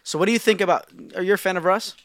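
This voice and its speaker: A man's voice: sits high, fairly bright tone, dry recording. A man hosting a podcast in casual chat, joking and asking his guest questions. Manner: quick, joking, asks the questions.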